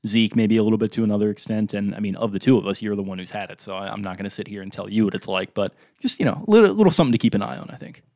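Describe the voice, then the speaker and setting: A man with a low voice talks quickly on a casual sports podcast, steering the chat with questions for his co-host. The sound is dry and close, with no room echo. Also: animated, a little mellow.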